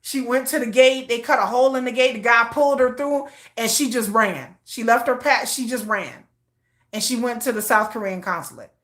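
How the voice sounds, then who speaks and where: A woman's voice: on the high side, normal speed. A woman vlogger retelling news in casual commentary, acting out the people in the story as she goes. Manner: animated storytelling, acting out quoted voices.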